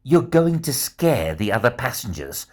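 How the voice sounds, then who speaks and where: A man voicing a kind, calm young woman researcher who speaks in a soothing, reassuring way in a children's storybook. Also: mid-range voice, unhurried. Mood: gentle, soothing.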